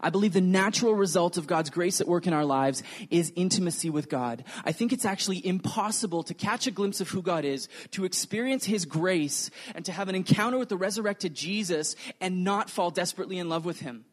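A man preaching a sermon, earnest and animated, acting out the quotes in his stories. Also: high voice, fairly quick, few pauses. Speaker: pastor.

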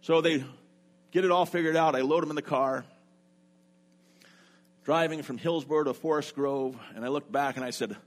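A man's voice: fairly high pitch, moderate pace, pauses often. A middle-aged man preaching a sermon, telling a personal story and acting out what each person said. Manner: lively storyteller who acts out what people said. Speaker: pastor.

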